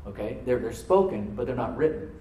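A man preaching to a congregation, reading scripture aloud and then dropping to a soft voice to stress a point, calling for responses from the room. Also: mid-range voice, expressive, fairly quick, reverberant, slight background noise, rough recording. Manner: asks the congregation to answer back. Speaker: pastor. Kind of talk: sermon. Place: church service with a live congregation.

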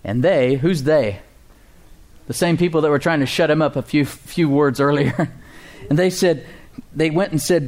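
Emphatic preacher man. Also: moderate pace. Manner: emphatic, rises high for quoted cries and drops low and soft for stillness; asks the congregation questions. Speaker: pastor. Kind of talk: sermon.

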